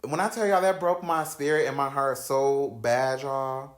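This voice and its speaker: A young man hosting a podcast, telling personal stories in a candid, slangy, dramatic way, dropping to low mutters and rising to loud outbursts. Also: fairly even intonation, moderate pace. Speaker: podcast host. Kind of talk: candid storytelling chat. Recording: roomy echoey room.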